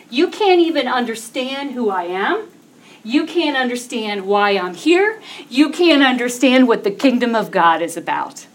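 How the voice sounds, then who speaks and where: Expressive woman teaching from the Bible. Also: sits high. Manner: expressive, rhetorical questions, reads scripture aloud.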